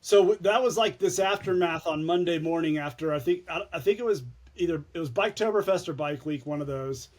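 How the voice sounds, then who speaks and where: A former TV news anchor, a man, telling stories as a podcast guest in an animated way, often restarting his words. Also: fairly high pitch, brisk, few pauses. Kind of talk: casual storytelling chat.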